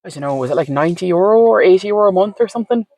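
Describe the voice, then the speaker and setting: A woman's voice: fairly low pitch, lively intonation, rapid-fire, warm tone. A woman talking candidly as an interview guest, frank and chatty with lots of fillers and the odd swear word. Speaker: podcast guest.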